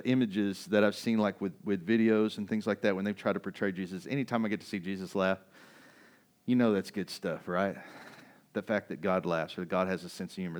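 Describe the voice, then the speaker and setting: A male pastor preaches in a relaxed, conversational style, laughing often. His delivery swings between loud, excited bursts and quiet, low passages.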